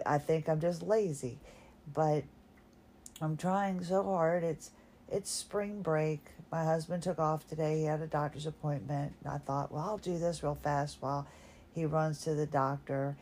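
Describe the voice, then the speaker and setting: Slow, low-voiced woman podcasting from bed. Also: mellow, a little hiss or hum. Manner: rambling, self-deprecating, yawning. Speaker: podcast host. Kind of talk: casual solo podcast talk. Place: lying in bed at home.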